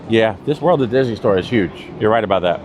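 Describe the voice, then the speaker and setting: A man's voice: fairly low pitch, animated, fairly quick. A man with a New York accent chatting casually on a live stream, rambling and chuckling as he rides through a busy theme park. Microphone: handheld phone while riding a mobility scooter. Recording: noisy crowd and loud music. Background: crowd chatter and park music.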